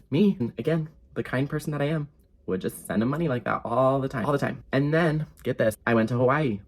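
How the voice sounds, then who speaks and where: Young man, casual storytime vlog, animated, exasperated, sarcastic. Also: mid-range voice, fairly quick. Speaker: vlogger.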